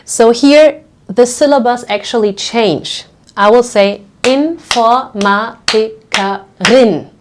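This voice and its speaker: A German teacher gives a language lesson in English on pronunciation, explaining slowly and patiently and checking in with the listener through frequent "okay?"s. Her voice is on the high side and a little mellow, with a little hiss or hum.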